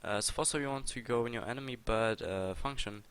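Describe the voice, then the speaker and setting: A man's voice: mid-range voice, fairly quick, fairly bright tone, clear, resonant tone. A young man hosting a casual coding tutorial, talking his way through the steps with frequent uh and um fillers. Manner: casual, hesitant, with many uh and um fillers. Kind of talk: screen-recorded coding tutorial.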